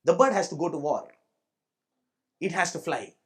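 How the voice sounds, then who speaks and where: Emphatic pastor with Indian English accent. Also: male voice, a little high, lively intonation, moderate pace. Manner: emphatic, repeats points and checks the audience understands. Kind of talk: preaching a sermon. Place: church.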